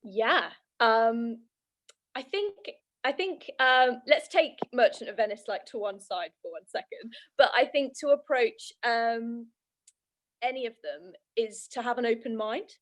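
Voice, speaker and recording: A woman's voice: a little high, a little slow. A woman speaking on a casual video-call panel about casting, earnest and hesitant, with many fillers. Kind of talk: casual post-show panel chat.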